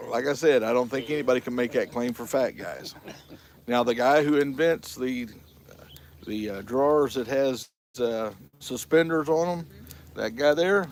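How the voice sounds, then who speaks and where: A man's voice: medium pitch, slight background noise. A man hosting a casual livestream, telling folksy stories and laughing often. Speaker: livestream host. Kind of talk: casual chat reading live chat.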